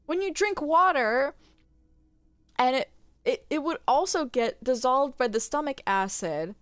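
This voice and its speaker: A woman's voice: sits high, animated, a little slow, fairly bright tone, smooth, dry recording. A young woman streaming a game, chatting casually with candid, crude humor and frequent giggles. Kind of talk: casual gaming stream chat.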